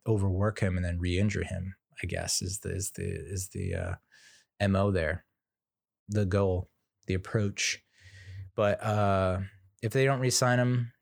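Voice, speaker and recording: A man's voice: lowish voice, no echo, clean studio sound. A man giving a casual, rambling commentary monologue as a sports fan, full of fillers, restarts and blunt opinions.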